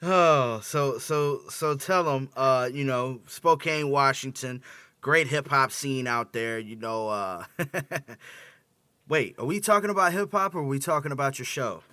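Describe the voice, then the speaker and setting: A man's voice: mid-range voice, a little slow, sharp tone, smooth, dry recording. Laid-back teasing male podcast host. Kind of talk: casual comedic podcast hosting.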